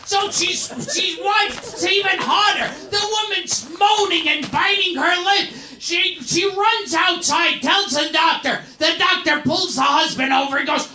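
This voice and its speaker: A roast comedian yelling dirty jokes on stage, screeching the punchlines and acting out the people in them. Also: very high-pitched, measured pace, hardly any pauses. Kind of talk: shouted stand-up joke telling. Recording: distant roomy live venue with crowd noise.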